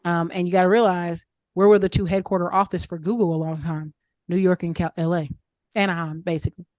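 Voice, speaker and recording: A woman's voice: lowish voice, steady tone, fast talker, darkish tone, no echo. A woman answering questions in a casual group coaching session, chatty and full of fillers, repeating her points for emphasis. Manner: upbeat advice-giving, repeats points for emphasis. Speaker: mastermind group speaker. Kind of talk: casual Q&A coaching on an online call.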